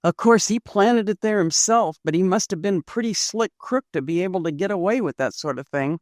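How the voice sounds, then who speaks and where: A woman voicing an earnest, protective young working man in a storybook reading, soft-spoken and low. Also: fairly quick, dry recording, studio quality, lightly acted.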